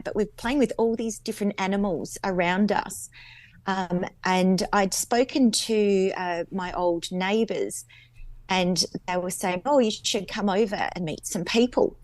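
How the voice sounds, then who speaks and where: A woman's voice: medium pitch, no echo. A woman in her fifties with an Australian accent, a guest chatting as she recounts a dream, with lots of fillers and repeats. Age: 50s.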